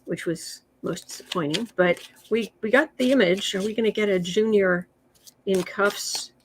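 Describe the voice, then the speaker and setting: A woman's voice: mid-range voice, moderate pace, a little hiss or hum. A woman hosting a casual livestream, reading tarot cards aloud with sarcastic, chatty asides. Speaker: tarot reader and livestream host.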